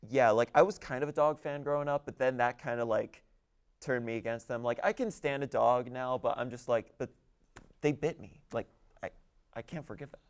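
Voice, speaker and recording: A man's voice: medium pitch, fairly quick. A young man telling casual stories with a hesitant, filler-heavy way of talking. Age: young adult. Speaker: student panelist. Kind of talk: casual storytelling.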